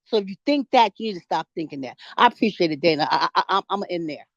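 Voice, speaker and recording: A woman's voice: on the low side, animated, fast, dry recording. A middle-aged woman from New York City holds forth on a lo-fi online call, the sound dull and close with no room around it. She talks in a heated, blunt, profane way, stumbling into restarts as she pushes her point. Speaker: caller in an audio chat room. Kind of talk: emotional impromptu rant.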